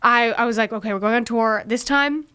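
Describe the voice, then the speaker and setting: A woman's voice: fairly high pitch, brisk, pushed and bright, smooth. A woman in her twenties telling a personal story as an interview guest, casual and chatty, peppering her speech with "like". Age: 20s.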